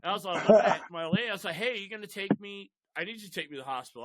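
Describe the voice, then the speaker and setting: Young guy with a high bright voice, laughing through a rowdy story on a podcast. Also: racing. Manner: animated, laughing, swearing storyteller. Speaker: podcast host. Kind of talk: casual storytelling chat.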